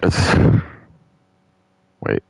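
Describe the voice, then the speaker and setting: A man's voice: very slow, fairly bright tone, no room sound. A man streaming a game, talking in casual, rambling, crude chat full of fillers. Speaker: gaming streamer. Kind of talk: casual live-stream chat while gaming.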